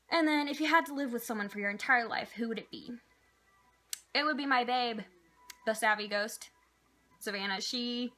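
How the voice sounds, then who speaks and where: Young female vlogger, bright tone, chatty and rambling, casual Q&A delivery. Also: mid-range voice. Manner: chatty, rambling, with many "like" and "um" fillers. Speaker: vlogger answering viewer questions. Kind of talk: casual chat.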